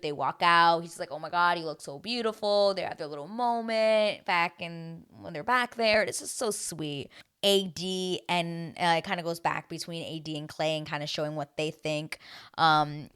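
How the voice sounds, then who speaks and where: A woman's voice: on the low side, fairly bright tone. A young woman chatting casually as a recap vlogger, gushing and exclamatory.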